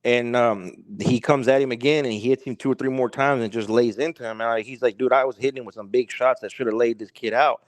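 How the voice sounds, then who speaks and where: Male podcast guest, rambling storyteller, mid pitch, dry close sound. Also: steady tone, fast, hardly any pauses, dry recording. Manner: rambling, repeats "he's like" and "he goes". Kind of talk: casual storytelling.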